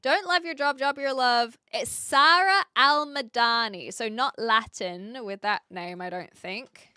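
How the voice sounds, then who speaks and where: Bright, high, lively woman streamer. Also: unhurried, smooth, no echo, clean studio sound. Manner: chatty, scattered, frequent fillers and restarts. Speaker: livestream host. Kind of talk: casual livestream chat with viewers.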